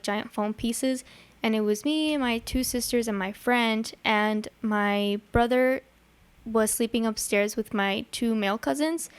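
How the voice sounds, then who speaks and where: Her fairly high, clear voice has a resonant quality, recorded dry. As a podcast guest, the young Chicago-area woman chats through casual stories, dropping plenty of likes and ums and acting out what her dad said.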